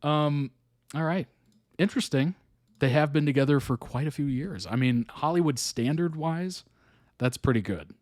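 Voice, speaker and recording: A man's voice: mid-range voice, darkish tone, no echo, studio quality. A man hosting a reaction video, reading an article aloud and musing over it casually between chuckles.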